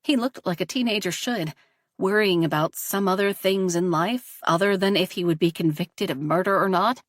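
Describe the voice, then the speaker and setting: A woman narrating a story in a steady, even audiobook reading. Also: fairly low pitch, moderate pace, no echo, clean studio sound.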